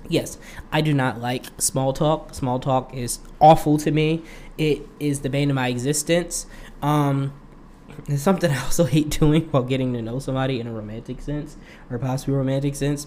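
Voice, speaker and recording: A man's voice: medium pitch, fairly even intonation, fairly quick, warm tone, slight background noise. A young man hosting his own podcast, talking casually in a rambling way and laughing often. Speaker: podcast host. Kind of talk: casual solo podcast monologue.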